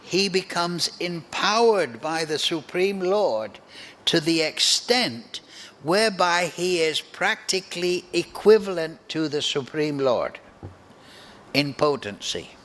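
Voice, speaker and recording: A man giving a devotional scripture class, speaking in a slow, deliberate and reflective way. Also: a little high, animated, a bit bright, a little hiss or hum. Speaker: spiritual teacher.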